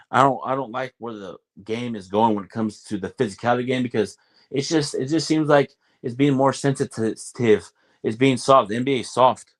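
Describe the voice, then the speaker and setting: Fired-up man ranting about basketball. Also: medium pitch. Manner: animated, fired-up, acts out players and referees. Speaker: basketball commentator. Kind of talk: casual sports rant.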